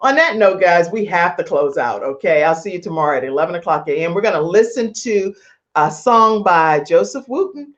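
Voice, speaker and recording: A woman's voice: fairly low pitch, expressive, normal speed, highs cut off. A woman hosting an online talk show, chatty and playful, laughing between asides to her viewers. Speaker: host.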